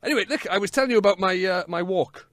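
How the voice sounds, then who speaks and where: A man in his forties chats on a radio show, rambling through a self-deprecating story with sudden bursts of excitement. His voice sits a touch high for a man and is recorded close and dry in a studio, with no room sound. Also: rapid-fire, no room sound. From Wales. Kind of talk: casual radio chat. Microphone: studio microphone.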